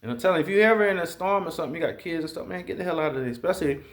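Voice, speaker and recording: A man's voice: on the high side, very fast. A man from Georgia, talking straight to his viewers in a blunt, profane, rambling monologue. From Southeast Georgia, US. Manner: profane, blunt, animated storytelling. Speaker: vlogger.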